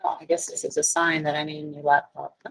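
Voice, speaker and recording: Woman, chemistry teacher, classroom lecture, low voice, husky, unhurried, chatty asides. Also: flat delivery, low-quality recording. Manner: flustered and self-deprecating, chatty asides.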